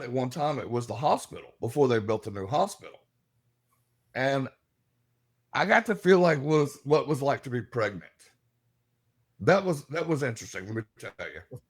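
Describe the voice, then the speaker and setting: A middle-aged man, a guest telling animated stories and laughing as he acts out the voices in them. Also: medium pitch. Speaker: guest, paranormal investigator. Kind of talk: animated storytelling.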